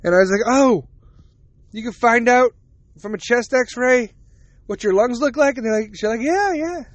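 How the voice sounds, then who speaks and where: A man's voice: very high-pitched, normal speed, no echo. A man hosting a casual solo podcast, rambling and swearing as he retells conversations, tired and yawning. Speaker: podcast host.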